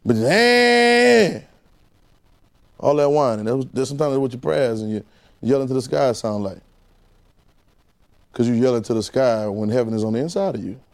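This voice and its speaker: Preaching briskly in a mid-range voice, a man throws rhetorical questions at his congregation. He alternates between loud outbursts and quiet asides.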